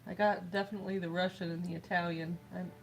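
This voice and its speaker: A woman's voice: lowish voice, little pitch movement, fast, slight background noise, low-quality recording. A woman co-hosting a casual chat during a toy build, agreeable and lightly teasing.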